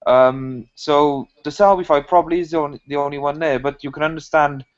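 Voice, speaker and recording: A man reasoning through the topic in a measured, analytical way with frequent ums. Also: a little high, fairly even intonation. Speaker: podcast co-host. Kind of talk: casual chat. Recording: dull lo-fi podcast audio.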